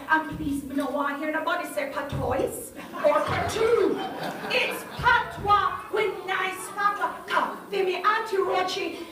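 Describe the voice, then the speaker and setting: A middle-aged woman with a Jamaican accent, telling stories and leading an audience in a lively, singsong performance. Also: very high voice, background noise. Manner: animated, singsong, calls to the audience. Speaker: storyteller. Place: large echoey hall with audience. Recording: echoey hall, heard from far off.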